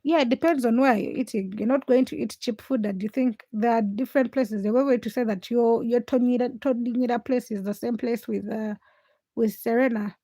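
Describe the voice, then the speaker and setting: A woman's voice: fairly high pitch, a little fast, no echo. Dry-voiced woman livestream host. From Uganda. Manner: animated storytelling, reads viewer comments aloud. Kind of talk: casual livestream storytelling.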